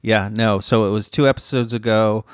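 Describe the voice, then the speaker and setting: A man's voice: lowish voice, steady tone, moderate pace, clean tone, no room sound, studio quality. A man co-hosting a casual chat podcast, playful and teasing as he runs the segments. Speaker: podcast co-host.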